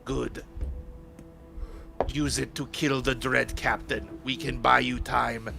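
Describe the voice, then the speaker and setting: A man voicing a composed male ally who speaks calmly and refers to himself in the third person. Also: medium pitch, slow, vocal fry, music in the background.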